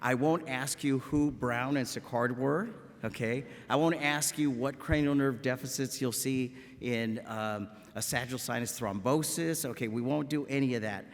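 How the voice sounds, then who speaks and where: Speaking at medium pitch and a moderate pace with hardly any pauses, this South Texas man in his fifties, originally from the Rio Grande Valley and carrying the region's accent, delivers a graduation speech as a medical school professor. His style is folksy and jokey, peppered with a questioning "okay?". The big auditorium ceremony is captured with heavy echo and long reverb.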